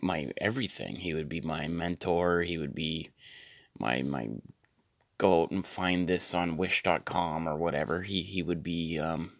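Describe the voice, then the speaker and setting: A man in his thirties hosting a podcast, rambling through a deadpan comic monologue with lots of stammered repeats. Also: low voice, a little slow, no echo, clean studio sound. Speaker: podcast host. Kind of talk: comedic monologue.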